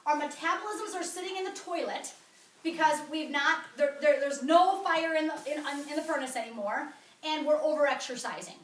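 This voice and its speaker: A woman giving an energetic, blunt wellness talk to a group in a meeting room. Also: high voice, fairly quick. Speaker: wellness coach presenter. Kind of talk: sales presentation to a group. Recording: roomy, from far off.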